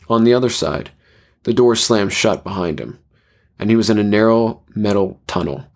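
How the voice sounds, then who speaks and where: Man reading a horror story, measured, lowish voice. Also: darkish tone. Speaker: narrator. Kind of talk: scripted horror story narration.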